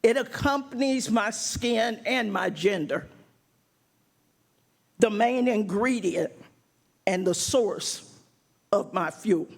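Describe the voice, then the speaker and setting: A woman performing her own spoken word poem with intense, rhythmic delivery that builds to shouts. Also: mid-range voice, takes it slowly, long pauses. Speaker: poet.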